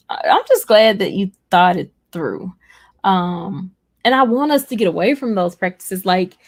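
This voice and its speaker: A woman hosting a casual livestream, chatting expressively, reading viewer comments and jumping into a high voice to quote people. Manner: animated storyteller, jumps to a high voice for quoted people; expressive, chatty, laughs often. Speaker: livestream host. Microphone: streaming setup.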